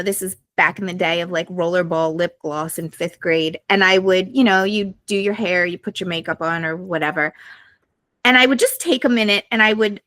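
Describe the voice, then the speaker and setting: Blunt, profane woman with a bright voice. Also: mid-range voice, no room sound. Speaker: podcast guest. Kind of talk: candid storytelling to a live audience. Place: live podcast recording.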